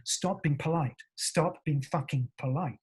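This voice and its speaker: Male actor from england, husky voice, animated storytelling, acts out voices, swears. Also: a little high, unhurried. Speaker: actor guest.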